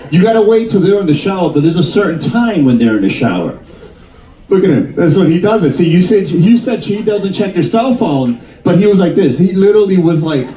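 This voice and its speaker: A man in his fifties doing stand-up comedy and crowd work, teasing the audience in an animated, jokey way. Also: sits high, a little fast, roomy sound, far from the mic, a little hiss or hum, low-quality recording. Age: 50s. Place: cruise ship theater.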